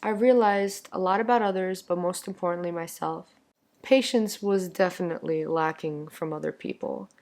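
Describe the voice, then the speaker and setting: A young woman, a singer, talking casually to her camera while her voice is hoarse and lowered from laryngitis; earnest and reflective, laughing lightly between thoughts. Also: moderate pace, darkish tone. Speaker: singer and content creator.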